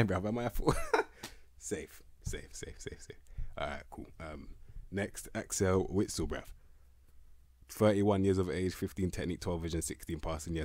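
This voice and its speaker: A man's voice: low-pitched, a little mellow, no echo. A young man, giving blunt, slangy, casual commentary on player ratings for a video. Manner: slangy, blunt, laughing, repeats "bruv" and "can't lie". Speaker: game content creator.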